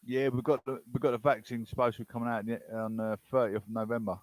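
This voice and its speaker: A man's voice: mid-range voice, little pitch movement, fast talker, no room sound, low-quality recording. Chatty British man, dry sound. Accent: British English. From United Kingdom. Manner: rambling, chatty, unsure. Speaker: online chat host. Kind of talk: casual chat with strangers.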